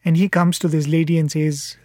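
A man's voice: on the high side, level tone, fairly quick, darkish tone, no echo, studio quality. Earnest man telling a devotional story. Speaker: devotional speaker.

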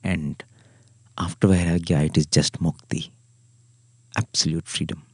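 A man with an Indian English accent, hosting a devotional podcast talk in an earnest, storytelling way, often trailing off softly. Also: sits low, fairly even intonation, unhurried, husky, no echo, clean studio sound. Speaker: spiritual podcast host.

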